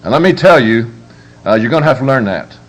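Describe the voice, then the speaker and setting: A man's voice: mid-range voice, a little fast. A man giving a humorous live parenting workshop as a preacher, telling stories with emphatic, joking delivery. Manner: lively, joking, emphatic storytelling.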